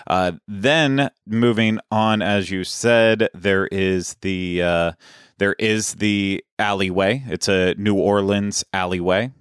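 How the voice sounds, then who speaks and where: A man co-hosting a podcast in casual chat, relaying news details in a relaxed way. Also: fairly low pitch, slow pace, clear, resonant tone, no echo, studio quality. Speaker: podcast co-host.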